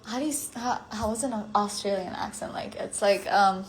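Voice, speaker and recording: Brief: woman hosting a phone livestream, casual and giggly, with a relaxed, unhurried pace. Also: medium pitch, a little hiss or hum, rough recording. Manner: giggly, self-conscious, chatty with many fillers. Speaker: livestream host reading fan comments.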